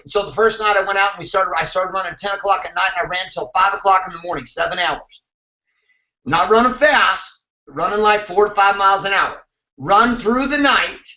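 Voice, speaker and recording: A man's voice: sits high, sharp tone, reverberant, dull audio. A man hosting a motivational show, talking intensely and emphatically, with some swearing. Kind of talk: motivational talk to camera.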